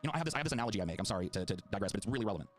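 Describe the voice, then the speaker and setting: A man's voice: on the low side, lively intonation, racing, soft background music. A man arguing politics with passion, swearing often and apologizing for getting worked up. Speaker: video creator and political debater. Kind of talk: heated political debate.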